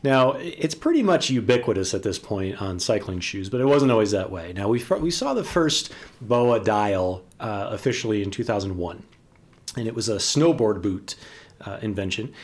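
Relaxed low-voiced man co-hosting. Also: normal speed, husky. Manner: relaxed, chatty, laughs easily. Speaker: co-host. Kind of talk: casual podcast chat.

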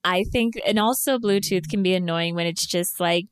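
Opinionated woman co-host, lowish smooth voice, dry close sound. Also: normal speed, dry recording. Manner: playful, opinionated teasing. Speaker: podcast co-host. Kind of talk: casual chat.

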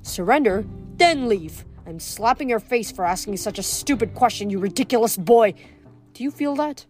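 A fussy, pompous male statue god, put on by a woman reading aloud scolds in a raised, indignant voice. He talks down to everyone like a prim teacher. Soft music plays faintly behind. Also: a little high, expressive, normal speed, natural voice.

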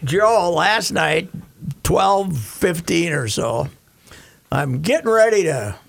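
A man with a very gravelly, husky voice chats casually. His voice sits a bit high for a man. He rambles through his anecdote with self-deprecating asides. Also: expressive, takes it slowly. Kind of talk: casual chat.

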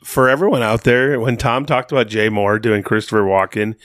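A man's voice: fairly low pitch, steady tone, fairly quick, a bit bright, no echo, studio quality. A man co-hosting a casual podcast, talking in a laid-back way and telling stories with playful asides. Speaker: podcast co-host.

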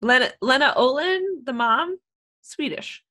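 A woman's voice: high-pitched, lively intonation, unhurried, pushed and bright. A woman co-hosting a casual movie podcast, laughing often and adding wry asides. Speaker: podcast co-host.

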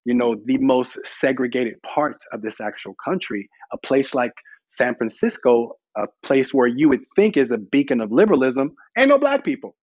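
A man's voice: medium pitch, normal speed, darkish tone, breathy edge, no echo, lo-fi sound. Candid man from the American South. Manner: candid, emphatic, conversational with frequent "you know". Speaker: panel guest. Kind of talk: conversational panel discussion.

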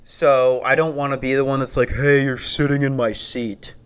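A man's voice: medium pitch, little pitch movement, normal speed, clear, resonant tone. Profane young man ranting a stand-up story. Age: 20s. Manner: profane, rambling, getting worked up and ranting. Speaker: stand-up comedian.

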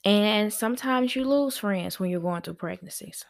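A woman's voice: medium pitch, gravelly. A woman hosting a podcast, giving frank, chatty advice. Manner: frank, chatty, slow and emphatic. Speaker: podcast host. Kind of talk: casual advice monologue.

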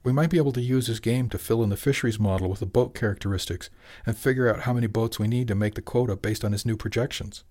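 A man's voice: medium pitch, quick pace, few pauses, dark tone, lightly acted. A man voicing a blunt woman fisher. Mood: eager. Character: woman fishing boss, blunt ex-longshore fisher.

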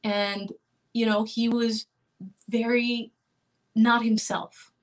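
A middle-aged woman recounting a hard personal story in an interview, earnest and halting, with restarts and small laughs. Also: on the high side, little pitch movement. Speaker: interview guest.

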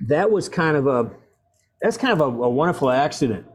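A middle-aged man, a guest actor on a video call, telling stories with loud bursts, restarts and salty language. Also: a little high, big pitch swings, a little fast.

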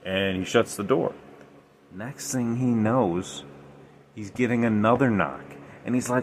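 Rambling low-voiced male storyteller. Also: moderate pace, slight background noise. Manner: rambling, emphatic, many fillers. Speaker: podcast host. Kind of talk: casual storytelling about the paranormal.

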